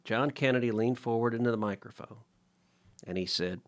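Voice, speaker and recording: A man's voice: medium pitch, brisk. A man co-hosting a podcast, talking emphatically and repeating words as he gets started. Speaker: podcast co-host. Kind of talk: casual podcast conversation.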